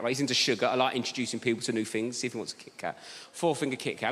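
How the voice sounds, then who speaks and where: A male stand-up comedian telling a rambling, animated anecdote on a theatre stage. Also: mid-range voice, racing, few pauses. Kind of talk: stand-up storytelling. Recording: reverberant theatre, background noise.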